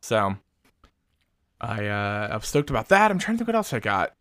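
A man's voice: fairly low pitch, sing-song, normal speed, a bit bright, no echo, studio quality. A young man co-hosting a podcast, chatting casually in a rambling, laid-back way with plenty of swearing. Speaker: podcast co-host. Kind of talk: casual chat.

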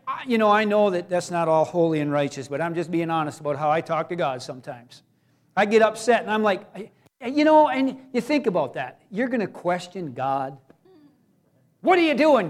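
A man preaching a sermon, talking to the congregation in a conversational way and breaking into loud acted cries. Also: sits high, sing-song, fairly quick. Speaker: pastor.

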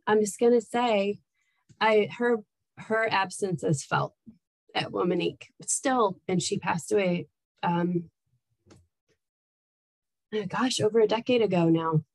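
A woman's voice: medium pitch, fairly even intonation, slow, long pauses, no echo, low-quality recording. A woman who leads a nonprofit, telling candid, heartfelt stories in a casual chat with frequent fillers. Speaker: nonprofit staff leader.

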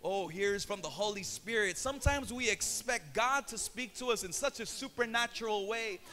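Preaching at a normal speed with slight background noise, a young Filipino-accented man serving as pastor speaks in a high-pitched voice. His fervent sermon rises to shouts and shifts at times into Tagalog.

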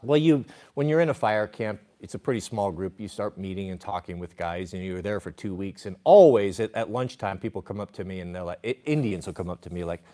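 A man's voice: on the low side, lively intonation, fairly quick, mellow. A man hosting a livestream who tells a long story in a rambling way, with restarts and acted quotes. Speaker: host.

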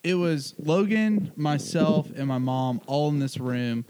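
A man's voice: a little high, lively intonation, measured pace, noisy background. A young man in casual podcast chat, telling a funny story with lots of laughter. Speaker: podcast co-host.

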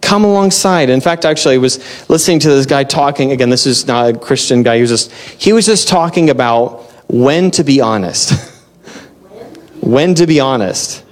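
A man's voice: medium pitch, animated, moderate pace. A man preaching a casual, conversational sermon, chatty and self-interrupting, laughing often as he talks. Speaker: pastor.

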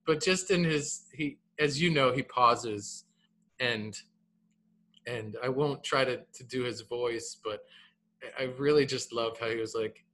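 Podcast guy in his 30s, bright edgy voice, talks in bursts and says man a lot. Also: medium pitch, measured pace. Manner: animated, repeats words, says "man" often. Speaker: podcast co-host. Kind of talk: casual podcast chat.

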